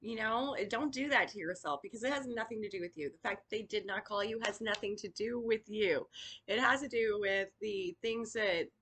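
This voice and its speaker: Woman, Reiki teacher, casual encouraging delivery, medium pitch. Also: normal speed, fairly bright tone, breathy edge. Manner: chatty and encouraging, with frequent fillers. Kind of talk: casual spoken lesson.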